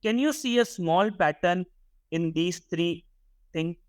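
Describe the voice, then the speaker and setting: Higher-voiced man lecturing a class. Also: takes it slowly, clean tone, no echo. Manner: repeats words, asks the class questions. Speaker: workshop instructor.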